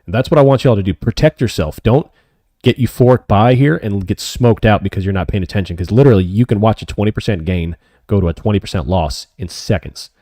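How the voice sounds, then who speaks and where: A man hosting a live options trading stream, calling his trades as they happen and answering chat questions, often excited. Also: lowish voice, quick pace, no echo, clean studio sound. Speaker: options trading livestream host.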